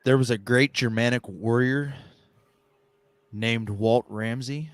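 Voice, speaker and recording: A man's voice: mid-range voice, takes it slowly, no echo. Teasing male podcast co-host, dry sound. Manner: teasing, joking, swears freely. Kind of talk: casual chat.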